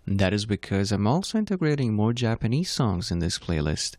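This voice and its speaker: A man's voice: on the low side, sing-song, fairly quick, a little mellow, dry recording, studio quality. A young man with a Persian accent, talking casually and rambling a little as he introduces songs for his playlist. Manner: rambling, self-correcting, conversational. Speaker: playlist host. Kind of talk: casual solo talk.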